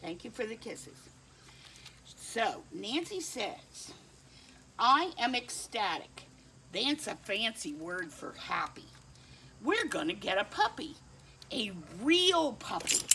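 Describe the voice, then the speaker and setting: A woman's voice: medium pitch, very animated, slow, sharp tone, slight background noise. A middle-aged woman reading a picture book aloud to children, kindly, with asides to her pet dog. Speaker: storytime reader.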